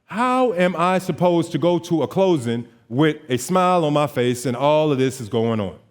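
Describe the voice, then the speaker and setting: Animated young man telling his story. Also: fairly high pitch, moderate pace. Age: 20s. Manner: animated storytelling, acts out dialogue. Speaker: notary business owner. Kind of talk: motivational stage talk.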